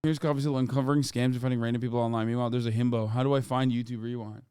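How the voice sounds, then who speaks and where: A man's voice: medium pitch, flat delivery, very fast, dark tone, smooth, dry recording. A man streaming live, reacting casually on a close mic in a profane, incredulous, off-the-cuff way.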